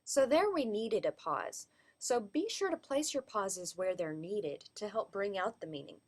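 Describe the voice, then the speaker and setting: A woman's voice: medium pitch, sing-song, a little slow, darkish tone. A woman giving a class presentation on vocal delivery, explaining and demonstrating word emphasis. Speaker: student presenter.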